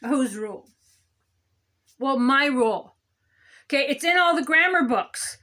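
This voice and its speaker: A woman performs a smug male city councilman who condescendingly lectures about grammar, tossing in "okay?" again and again in this satirical comedy piece. Her voice sits high and sounds animated, a little slow, pushed and bright, and heavily acted.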